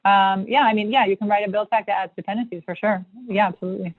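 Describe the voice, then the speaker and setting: A woman's voice: medium pitch, fairly even intonation, quick pace, no echo. A woman guest presenting a technical topic on a livestream video call, talking in a rambling way with many fillers and restarts. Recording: tinny phone-like line.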